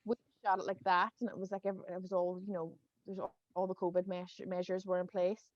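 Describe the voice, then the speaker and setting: A woman's voice: on the low side, flat delivery, fairly quick, no room sound, highs cut off. A Northern Irish woman in her thirties, a podcast guest rambling casually with lots of "you know" and "like". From Northern Ireland. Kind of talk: casual chat.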